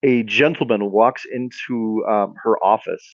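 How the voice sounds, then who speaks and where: A man's voice: fairly low pitch, measured pace, dry recording, muffled recording. A man co-hosting a podcast, telling a comedic story in a rambling, casual way. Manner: rambling, lots of fillers and restarts. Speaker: podcast co-host.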